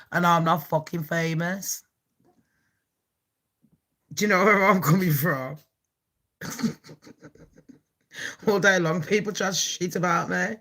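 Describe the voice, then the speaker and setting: An English woman from Birmingham, speaking with that accent, hosts a gossip channel in a casual vlog. Her voice is lowish and a bit bright, and she talks slowly with long pauses, brash and foul-mouthed, laughing frequently.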